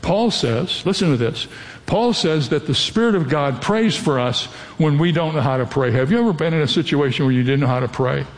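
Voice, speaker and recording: A man's voice: a little high, expressive, brisk. An older man preaching a sermon as a pastor, earnest and direct, often putting questions to his listeners. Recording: long hall reverb.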